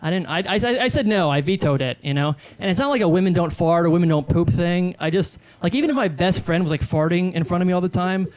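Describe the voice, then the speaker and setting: A man's voice: sits high, quick pace, hardly any pauses, darkish tone. A man in his thirties doing stand-up comedy, telling rambling, self-deprecating stories with many fillers into a handheld stage mic. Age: 30s.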